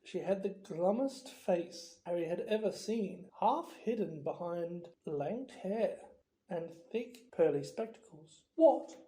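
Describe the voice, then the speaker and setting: A reader narrating an audiobook in a slow, expressive storytelling manner. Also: mid-range voice, roomy sound, poor audio.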